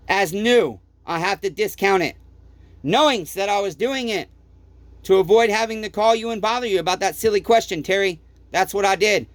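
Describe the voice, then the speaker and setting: A man's voice: high-pitched, moderate pace, no room sound. A tired, fed-up man who runs a small repair shop, ranting to the camera in his workshop and swearing constantly. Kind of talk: angry workshop rant to camera.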